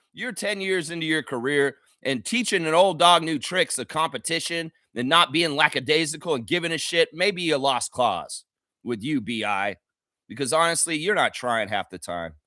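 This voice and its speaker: A man's voice: a little high, sharp tone, no echo, clean studio sound. A man hosting a live basketball reaction show, ranting heatedly and profanely at the players. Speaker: sports reaction host.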